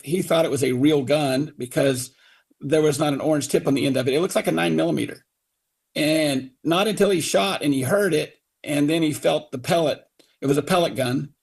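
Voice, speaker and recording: Gravelly, indignant middle-aged father. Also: a little high, normal speed. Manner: indignant, quotes others in put-on voices. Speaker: father of a victim, radio guest. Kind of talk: angry retelling on talk radio.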